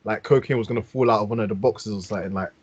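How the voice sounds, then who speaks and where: Fairly low and very fast, his voice carries a breathy edge in a dry recording. The London-accented podcast host tells lively, slang-filled stories casually, captured by a dull, dry podcast mic.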